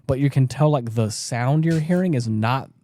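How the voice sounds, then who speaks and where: Male podcast co-host, casual and rambling, warm low-key voice, dry close mic. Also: moderate pace, no room sound. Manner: rambling, many restarts and fillers. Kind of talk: casual chat.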